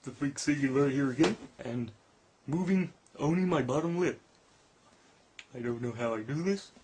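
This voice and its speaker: A man voicing a slow, mock-grand fake documentary narrator who swears. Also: mid-range voice, a little mellow, a little hiss or hum, close to an everyday voice. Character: deadpan fake-documentary narrator impression, male.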